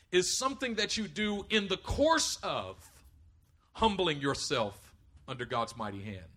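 A man's voice: fairly high pitch, sharp tone. A middle-aged man preaching a sermon, acting out voices as he tells stories from his own life. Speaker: pastor.

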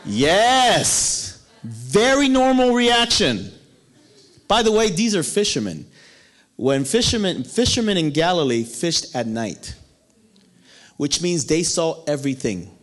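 A man preaching a sermon in a playful, animated way, acting out the people in the story and laughing often. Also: fairly high pitch, slow.

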